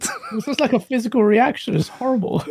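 A man co-hosting a casual chat show, relaxed and chatty, laughing as he tells stories. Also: very high voice, brisk, creaky. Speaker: podcast co-host.

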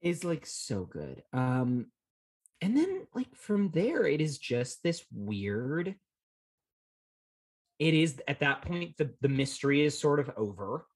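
Husky-voiced man in rambling film chat. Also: fairly high pitch, sing-song, slow. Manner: rambling, jokey, profane. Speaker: podcast co-host. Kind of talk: casual film discussion.

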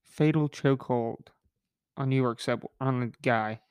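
A man's voice: medium pitch, smooth, no echo, clean studio sound. A man hosting a casual podcast, talking in a joking, rambling way with a nasal voice. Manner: joking, rambling, quick asides. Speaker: podcast host.

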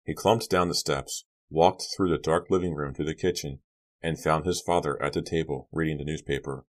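A man narrating an audiobook in an even, measured storytelling voice. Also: very deep voice.

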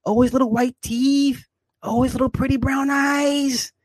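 A man putting on a high falsetto as a swooning woman who gushes over a muscular man. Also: little pitch movement, unhurried, no room sound. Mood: gushing. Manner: gushing, sing-song falsetto.

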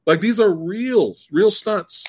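A man guesting on a casual movie podcast, excitable and swearing casually as he gushes about films. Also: takes it slowly. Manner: excitable, swings pitch wildly, swears casually.

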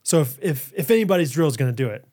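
A man in his thirties co-hosting a podcast, telling stories in casual chat and acting out shouted quotes. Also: fairly high pitch, racing. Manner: animated storyteller, acts out shouted quotes. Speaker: podcast co-host.

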